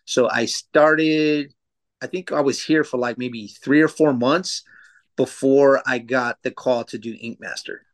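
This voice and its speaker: A man's voice: medium pitch, fairly even intonation, a little slow. A man in his thirties, a tattoo artist guest, telling stories in casual podcast chat with lots of swearing and fillers. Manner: loose, profane storytelling with many fillers.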